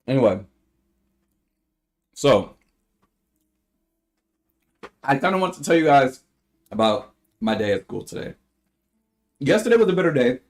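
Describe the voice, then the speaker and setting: A man's voice: sing-song, unhurried, long pauses. Rambling young man telling a story. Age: young adult. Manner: rambling storyteller, acts out quotes in high voices. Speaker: livestreamer. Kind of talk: casual livestream chat.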